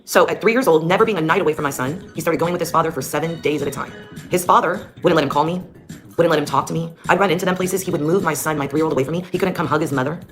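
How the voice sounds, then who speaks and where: With a deep voice and a racing delivery, a woman tells her own story as a mother, blunt and heated and swearing heavily. Music plays clearly behind her.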